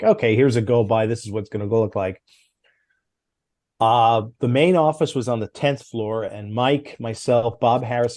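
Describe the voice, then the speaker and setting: A man's voice: fairly low pitch, no room sound, studio quality. A middle-aged man, a former comics editor, telling stories in an interview and acting out the dialogue. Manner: animated, acts out quoted dialogue. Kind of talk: interview storytelling.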